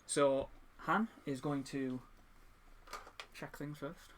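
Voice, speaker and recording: A man's voice: fairly high pitch, takes it slowly, noisy background. A man chatting casually with friends as he plays a tabletop wargame, laughing often and talking through his moves. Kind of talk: casual chat while playing a game.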